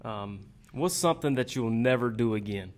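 A man hosting a podcast interview, asking rapid-fire questions and giving short affirmations. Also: medium pitch, lively intonation, darkish tone. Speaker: podcast host. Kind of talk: casual interview chat.

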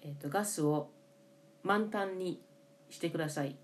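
A Japanese woman co-hosts a bilingual lesson, raising each word and repeating the answers. She talks briskly, and her voice sits a little low for a woman. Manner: prompts with questions and repeats words back. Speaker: co-host asking questions.

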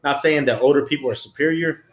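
A man's voice: on the high side, fast talker. A man, a former prison officer, telling a story in casual, blunt, profane street slang. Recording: roomy echo, faint music.

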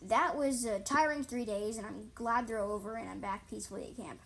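A woman's voice: a little high, brisk, creaky. A woman voicing a young female apprentice cat in a read-aloud story, stumbling and restarting now and then. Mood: weary. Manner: excited outbursts, reading slips.

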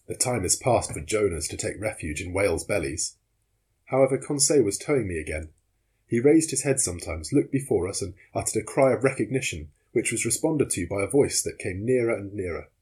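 A man reading a classic adventure novel aloud in measured, dramatic first-person narration. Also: lowish voice, a little mellow, breathy edge.

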